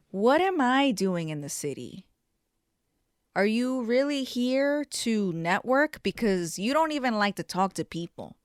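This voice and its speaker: A young adult woman hosts a solo podcast, telling stories in a chatty, casual way full of swearing and self-mocking asides. Her voice is on the high side, recorded at studio quality with no echo.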